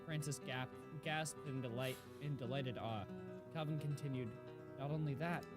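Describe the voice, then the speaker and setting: A man hosting a reaction video, reading a sad story aloud gently and lowering his voice for quoted lines, then reacting emotionally. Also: normal speed, loud music behind the voice.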